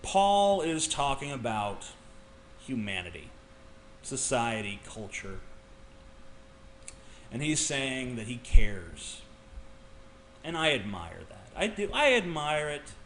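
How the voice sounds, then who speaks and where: A man's voice: mid-range voice, very animated, slow pace, long pauses, a bit bright, slight background noise. A man ranting in a casual vlog. He argues in a heated, profane way and often stammers and restarts. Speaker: vlogger.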